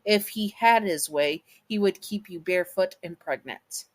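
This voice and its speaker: Low-voiced woman casually reading fan fiction. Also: unhurried. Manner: casual, reads with stumbles and self-corrections. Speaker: fan-fiction reader and channel host. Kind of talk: reading a written fan scenario aloud.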